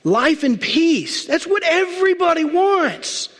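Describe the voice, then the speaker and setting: A male pastor preaching a sermon, emphatic, stacking repeated phrases and slowing down to stress key words. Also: very high voice, very animated. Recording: long reverb of a large hall.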